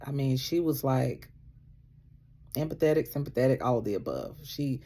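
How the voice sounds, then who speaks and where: A woman shares a personal story in a relaxed, conversational way. Her voice sits low and mellow with a husky edge, yet it leaps up and down with animation as she acts out the exchanges and breaks into laughter. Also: normal speed. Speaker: vlogger sharing a faith testimony. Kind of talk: casual storytelling.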